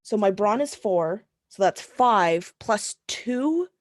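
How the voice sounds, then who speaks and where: A woman player in a tabletop game works through her dice results slowly, thinking aloud and asking for confirmation. She speaks at an unhurried pace. The recording is dry, with no room echo. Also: medium pitch, lively intonation. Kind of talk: tabletop game play, casual chat.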